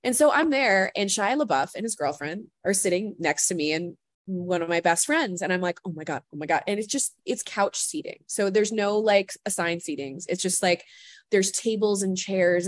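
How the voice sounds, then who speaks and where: A woman guest on a podcast telling a story in casual chat, animated and full of "like" fillers, acting out what people said. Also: medium pitch, normal speed, dry recording. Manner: animated storyteller, heavy "like" fillers, acts out quotes.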